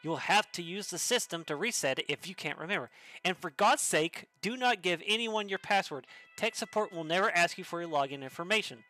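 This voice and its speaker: Sarcastic young office woman, bright and cutting, slow scornful delivery , as a man puts her on. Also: high-pitched, animated. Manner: exasperated, sarcastic reading.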